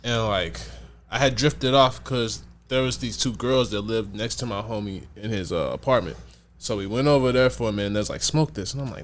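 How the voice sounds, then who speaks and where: A man's voice: fairly low pitch, normal speed. A man hosting a podcast, telling stories in casual slang and acting out what people said. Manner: lively storyteller acting out quoted voices, slangy. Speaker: podcast host. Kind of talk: casual chat.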